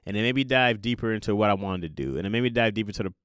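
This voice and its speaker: A young man hosting a podcast, talking through a casual confessional monologue in an animated, jokey way and laughing at himself. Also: fairly low pitch, rapid-fire, smooth, no room sound, studio quality. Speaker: podcast host.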